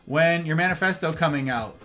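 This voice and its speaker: A man with a slightly high voice talks a little fast while hosting a livestream. He keeps things casual and playful, reacting to chat with animation over faint music.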